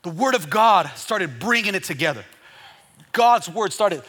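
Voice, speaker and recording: A male preacher delivering an energetic sermon to a congregation, swinging between quiet teaching and shouted, rhythmic build-ups. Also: high-pitched, measured pace, long reverb tail.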